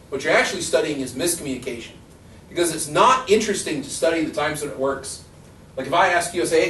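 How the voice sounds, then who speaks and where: A man's voice: on the high side, expressive, quick pace, a bit bright. A male rhetoric professor giving a casual, joking classroom lecture, acting out quoted voices as he talks. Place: lecture room. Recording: roomy echo, far from the mic, faint noise.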